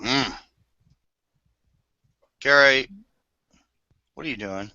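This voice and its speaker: A young man in casual chat about a movie, excitable and swearing freely. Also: medium pitch, extremely slow, smooth. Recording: muffled lo-fi recording.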